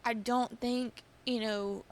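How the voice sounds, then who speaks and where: Woman, podcast co-host, slightly high voice, emphatic and defensive. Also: steady tone, slow. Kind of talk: candid podcast conversation.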